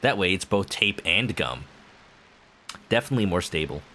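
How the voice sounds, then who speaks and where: A man's voice: deep voice, expressive, moderate pace, sharp tone. A man streaming a game playthrough, joking and riffing on what is happening on screen. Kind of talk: casual playthrough commentary.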